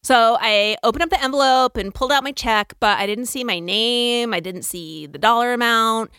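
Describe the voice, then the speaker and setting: A woman telling a personal story in casual chat, animated, acting out the quotes. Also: normal speed, clean tone, no echo, studio quality. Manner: animated, acts out quotes with big pitch jumps.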